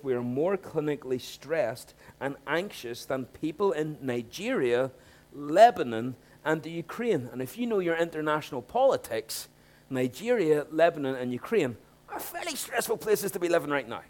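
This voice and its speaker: A man preaching a sermon in a conversational way, asking rhetorical questions and swinging from quiet asides to emphatic points. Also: medium pitch.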